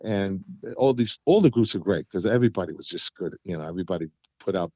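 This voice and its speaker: Animated male storyteller, lively pitch. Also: quick pace, no room sound, highs cut off. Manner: animated storyteller, acts out quotes with big pitch jumps. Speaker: guest vocalist. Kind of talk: casual interview chat.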